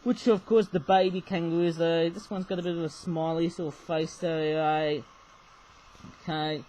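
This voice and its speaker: A man with a slightly higher than usual voice talks his way through a homemade toy review. He rambles cheerfully, loses his thread, and keeps tacking on little "eh?"s. A faint hiss of noise sits under the recording. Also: little pitch movement, moderate pace, dark tone, rough recording. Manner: rambling, chatty, frequent "oh my goodness me" and "eh?". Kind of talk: casual toy review vlog.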